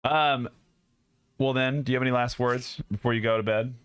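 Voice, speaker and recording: A man's voice: medium pitch, fairly even intonation, a little fast, a bit bright, clean tone, no room sound. Joking young man hosting a stream. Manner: jokey, laughing, rambling. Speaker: streamer host. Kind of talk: casual chat with stream viewers. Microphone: studio mic.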